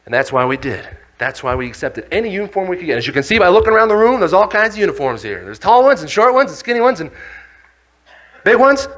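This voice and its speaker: A man giving an animated religious talk, telling a story in a dramatic, energetic way. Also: high voice, quick pace. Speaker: speaker.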